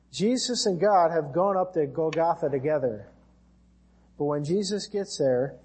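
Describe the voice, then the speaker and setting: A male pastor with an American accent delivers an earnest sermon, his voice husky and mellow. He sits a little high in pitch and climbs higher for scripture readings.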